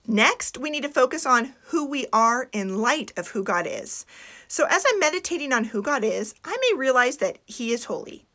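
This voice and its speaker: A woman giving an earnest devotional talk on faith and homeschooling, reflective, slowing down to stress key points. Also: on the high side, pushed and bright. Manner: earnest, reflective, slows for emphasis. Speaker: Christian homeschooling speaker.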